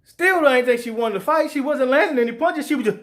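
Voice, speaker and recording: A man's voice: very high-pitched, fast talker. Fired-up man ranting about boxing. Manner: profane, animated, acts out quoted voices. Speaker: sports show host. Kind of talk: heated boxing commentary rant.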